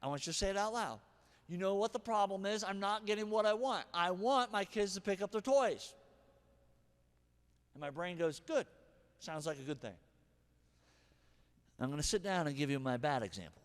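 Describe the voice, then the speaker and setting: A middle-aged man preaching a sermon as pastor, animated, moving from hushed asides to shouted punchlines. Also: high-pitched, brisk. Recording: long hall reverb.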